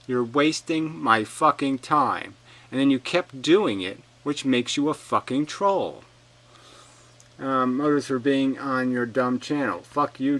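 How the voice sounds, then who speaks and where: A man's voice: mid-range voice, fairly bright tone, rough recording. A man giving a combative, profane rebuttal monologue, reading out an opponent's comments and firing back with sarcasm. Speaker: video commentator.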